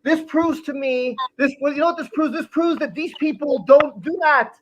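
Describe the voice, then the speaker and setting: Fired-up man ranting, high voice. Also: moderate pace, a bit bright, poor audio. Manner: heated, repeats phrases, talks over the clip. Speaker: live-stream host reacting to news coverage. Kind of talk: angry ranting commentary.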